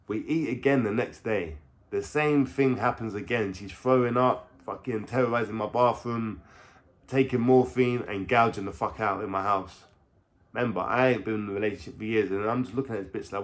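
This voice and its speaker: A man, telling a story to the camera. He talks in animated street slang, swears constantly and keeps asking the listener for agreement. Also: medium pitch, a little fast. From London. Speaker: vlogger. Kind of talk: storytime vlog.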